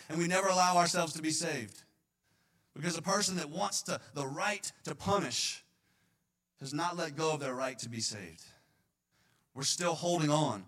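Guy preaching a sermon, bright voice, goes quiet then loud, acts out what people and god would say. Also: a little high, normal speed. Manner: swings between quiet intimate passages and loud emphatic bursts; slips into imagined voices of listeners and God.

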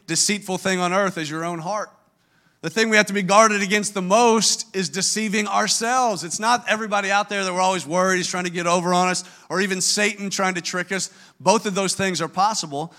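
A man's voice: sits high, pushed and bright. A man preaching a sermon as pastor, emphatic and earnest, often restarting his words.

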